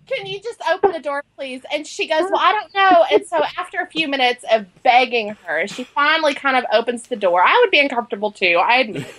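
This is a woman with a high, bright-pitched voice, chatting casually as a co-host. She tells her stories in an animated rush, full of "like" and acted-out quotes. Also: fast, hardly any pauses, a little hiss or hum. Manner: animated storyteller, heavy use of "like". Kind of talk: casual chat.

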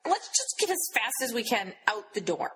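A woman's voice: on the high side, very animated, moderate pace, fairly bright tone, slight background noise. A woman playing in a tabletop role-playing game, drawing out her words playfully. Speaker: player.

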